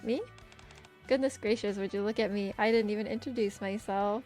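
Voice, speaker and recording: A woman's voice: medium pitch, steady tone, a little fast, a little mellow, soft background music, natural voice. A woman reading game dialogue aloud as a sly, formal young woman researcher, polite and teasing.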